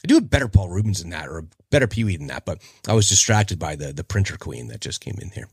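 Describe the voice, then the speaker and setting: A man's voice: sits low, big pitch swings, fast, slightly rough, no room sound, clean studio sound. A man in his forties hosting a casual solo podcast, chatty and rambling, often trailing off while he searches for names. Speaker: podcast host.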